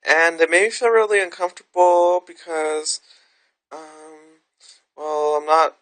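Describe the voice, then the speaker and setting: A woman's voice: low-pitched, steady tone, a little slow, a bit bright. A woman vlogging to camera, telling a story in a frank, rambling way with plenty of swearing. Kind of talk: candid vlog monologue.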